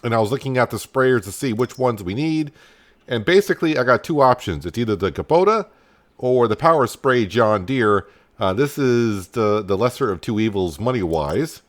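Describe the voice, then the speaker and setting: A man giving relaxed let's-play commentary on a farming game, chatty and thinking aloud as he plays. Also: mid-range voice, normal speed. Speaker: gameplay commentator. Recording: noticeable background noise.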